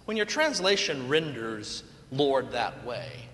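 A man preaching a sermon, telling the story in an animated way with playful asides. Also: medium pitch, takes it slowly, long reverb tail.

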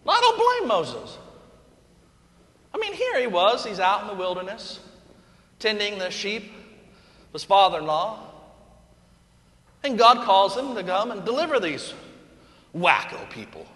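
Animated, lively male preacher. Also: high voice, unhurried, long pauses, long reverb tail. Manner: animated storytelling with playful asides. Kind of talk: sermon.

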